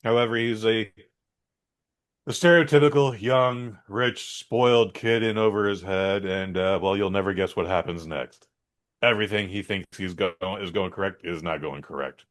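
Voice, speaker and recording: A man's voice: lowish voice, steady tone, normal speed. A man co-hosting a podcast, giving a blunt, rambling and opinionated movie review in a casual chat. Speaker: podcast co-host.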